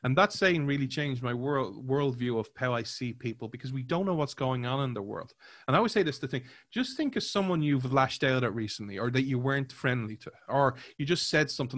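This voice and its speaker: A man's voice: medium pitch, animated, fairly quick, a bit bright, no echo, studio quality. A man co-hosting a podcast, talking casually and animatedly, acting out quoted voices and using many fillers. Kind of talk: casual conversational commentary.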